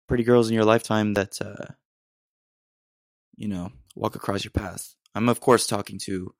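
This podcast host, a young American man, has a lowish voice and talks on his own in a loose, self-deprecating ramble with many ums and restarts. The clean studio recording has no room sound.

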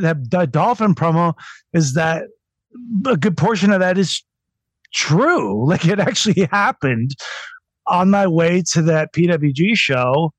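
Slow-talking, irreverent male podcast guest. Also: a little high, dry recording. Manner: laughing, irreverent, mocking. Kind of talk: casual podcast interview.

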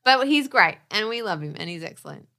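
A woman's voice: mid-range voice, animated, fairly quick, gravelly, sharp tone. A woman, co-hosting a podcast in a chatty, upbeat way and laughing often. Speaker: podcast co-host. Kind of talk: casual chat.

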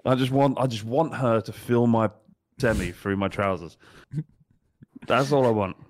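A man's voice: mid-range voice, moderate pace, a little mellow. A man co-hosting a casual football podcast, joking and telling stories with frequent laughs. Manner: storytelling, jokey, laughs often. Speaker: podcast co-host.

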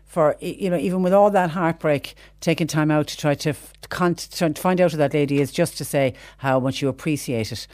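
A woman's voice: low-pitched, fairly quick, few pauses, darkish tone, no echo. A woman with a Cork accent hosting a radio phone-in, chatty and emphatic. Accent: Irish, Cork. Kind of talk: talk radio chat.

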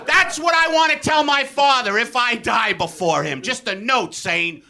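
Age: adult. Sex: man. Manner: loud, profane ranting comedian with a very high, bright voice. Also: normal speed, creaky, a faint crowd. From Brooklyn, New York. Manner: loud, profane, self-mocking ranting, often shouting. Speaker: guest comedian. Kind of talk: live comedy podcast rant. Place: comedy theatre stage before an audience. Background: audience laughter.

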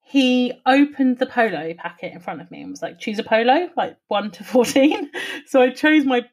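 A woman telling an animated story in casual chat, swearing and laughing as she goes. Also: a little high, normal speed.

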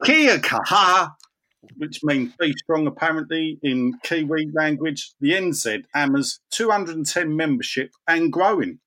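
A man's voice: on the high side, normal speed, few pauses, fairly bright tone. A man co-hosting a podcast, chatting playfully and reading listener messages. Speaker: podcast co-host.

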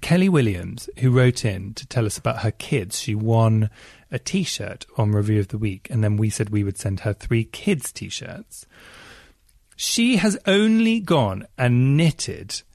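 A chatty man co-hosts a podcast, reading listener emails in a playful, expressive way. His voice has a gravelly edge. He is recorded close on a dry, dead mic. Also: on the low side, measured pace, no room sound. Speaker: podcast co-host.

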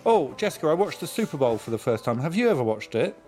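A man's voice: on the high side, sing-song, fast, a little mellow, soft background music. A man hosting a casual chat, asking questions in a dry, teasing way, recorded from his own home. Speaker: host.

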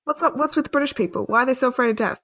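Animated, bright-voiced woman. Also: sits high, very fast. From Australia. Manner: animated, sweary, laughs often. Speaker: podcast co-host. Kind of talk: casual chat.

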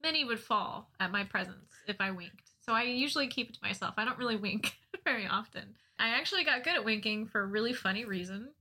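In a high, breathy voice, a young woman rattles off a funny personal story at a quick clip with hardly any pauses. She's animated and self-mocking, laughing at herself often.

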